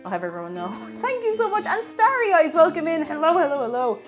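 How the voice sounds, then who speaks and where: Her voice sits high and very animated, and she talks fast while music plays in the background. She's an Irish woman livestreaming from her home kitchen, cooking and chatting bubbly and nonstop with her audience, reading out viewers' names.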